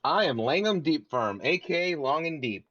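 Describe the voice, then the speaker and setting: A man playing a tabletop game in a relaxed, joking way. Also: on the high side, normal speed, dry recording. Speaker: player. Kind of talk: casual chat. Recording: dull, lo-fi mic.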